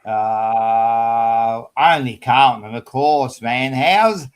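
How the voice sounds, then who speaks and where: Casting note: Australian male host, relaxed and chatty, mid-pitched voice. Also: normal speed. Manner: laid-back, chatty, says mate and man a lot. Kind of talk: casual live-stream chat.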